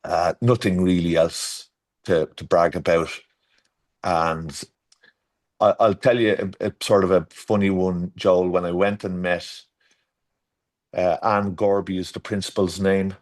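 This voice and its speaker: A man's voice: low voice, little pitch movement, measured pace. A man from Ireland, a garden designer guest in a casual interview chat, rambling and correcting himself as he tells stories. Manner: rambling and self-correcting, with storytelling asides.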